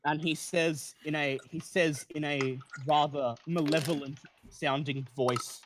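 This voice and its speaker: A man's voice: fairly high pitch, steady tone, unhurried, background noise. A man narrating as game master in a tabletop game, describing scenes with occasional stumbles.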